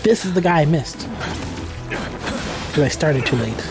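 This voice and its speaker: A man's voice: fairly high pitch, animated, unhurried. Man commentating his playthrough, casual and jokey, music bed behind. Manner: joking, easily surprised. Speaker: gaming streamer. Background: game music and sound.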